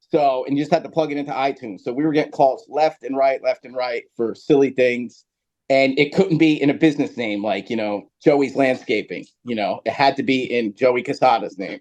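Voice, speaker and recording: Jersey guy rambling thru a story on a podcast, lots of "you know", kinda muffled lo-fi sound. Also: mid-range voice. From New Jersey. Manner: rambling, animated storyteller with many fillers. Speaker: podcast guest. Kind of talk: storytelling in casual chat.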